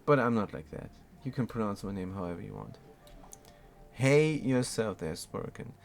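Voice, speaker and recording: A man's voice: fairly low pitch, expressive, normal speed, vocal fry, faint music behind. A man from Germany casually commenting on his game while answering chat in a laid-back way. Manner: laid-back, reads chat aloud, chuckles often. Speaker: streamer.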